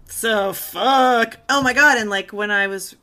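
A woman's voice: a little high, unhurried, bright, forceful tone, slight background noise. A young woman in casual chat, telling a story animatedly, acting out quotes and swearing freely.

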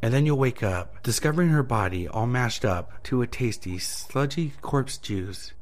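A man's voice: mid-range voice, animated, normal speed, lightly acted. A man voicing a smug, mocking male deal maker who taunts with gleeful amusement in a horror story reading. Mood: taunting.

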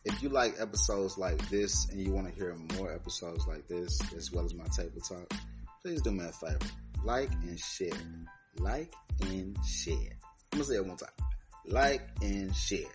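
A man's voice: sits low, brisk, loud music behind the voice, low-quality recording. A man talking casually and playfully to his viewers, rambling with jokes and wordplay while wishing them a good day. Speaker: vlogger giving daily encouragement. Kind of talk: casual motivational talk to camera.

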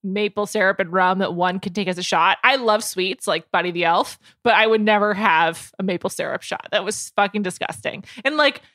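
Bright, gossipy woman host. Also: mid-range voice, moderate pace, few pauses, dry recording, clean studio sound. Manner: gossipy, blunt reactions, says "like" often. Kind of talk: casual podcast chat.

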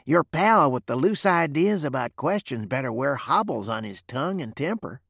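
A man voicing a tough, quick-tempered cowboy in a western story, speaking tartly. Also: mid-range voice, animated, vocal fry, a bit bright, no room sound, studio quality. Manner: tart, barking.

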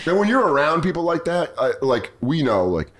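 A man's voice: on the high side, sing-song. Loose, profane man on a podcast. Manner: loose, profane, bursts of laughter, slips into quick impressions. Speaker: podcast host. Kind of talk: casual chat.

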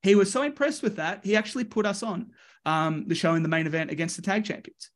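Australian male wrestling coach, high voice, lively storyteller who does the voices. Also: quick pace. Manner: lively, voices the people in his stories. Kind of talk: animated storytelling.

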